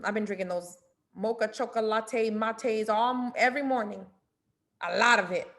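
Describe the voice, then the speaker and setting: A woman giving a casual, playful motivational mentorship talk, speaking directly to her listeners. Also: medium pitch. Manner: animated and playful, acting out inner dialogue.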